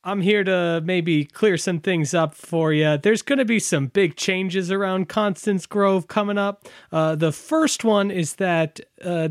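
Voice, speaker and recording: A man's voice: sits high, dry recording, studio quality. A man playing his tabletop character, giving a folksy address to a crowd. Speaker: player. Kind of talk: in-character speech in a tabletop game.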